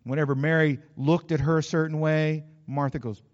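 A man preaching a folksy, animated sermon and asking the congregation questions, in a church hall, with a dull sound. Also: a little high, normal speed.

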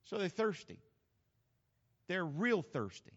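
A man from New Mexico, a pastor preaching a sermon in a folksy, humorous, animated storytelling manner. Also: high-pitched, takes it slowly. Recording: reverberant hall, slightly dull sound.

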